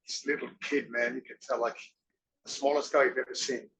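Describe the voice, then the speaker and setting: A former wrestler and actor, appearing as a guest in a casual interview, rambles through stories and acts out the voices of the people he quotes. His mid-range voice is steady and fast, with background noise audible.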